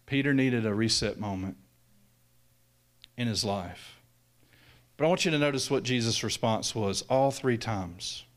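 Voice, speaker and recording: A man preaching a sermon, swinging from loud raised peaks down to hushed, low lines. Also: measured pace, long pauses.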